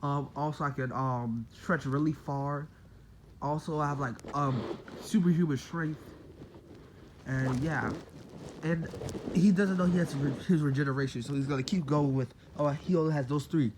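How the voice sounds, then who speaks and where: A man's voice: on the high side, steady tone, moderate pace, noisy background. A man casually retelling a made-up story, rambling with lots of fillers and self-corrections.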